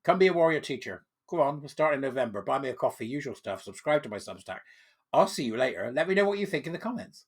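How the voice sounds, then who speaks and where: A man's voice: mid-range voice, big pitch swings, fast, breathy edge. A man hosting his own channel, reading a text aloud and commenting on it in a sarcastic, mocking way. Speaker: channel host.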